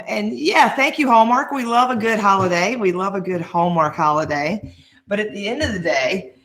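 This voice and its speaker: A woman's voice: lowish voice, fairly bright tone. A woman in her forties, a life coach, giving an emphatic motivational talk to camera with lots of rhetorical questions. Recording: roomy echo.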